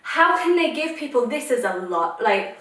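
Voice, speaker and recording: A woman's voice: sits high, very animated, normal speed, fairly bright tone, distant mic. A young woman vlogging a try-on haul, ranting in an exasperated way. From United Kingdom. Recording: echoey room, voice a little off mic.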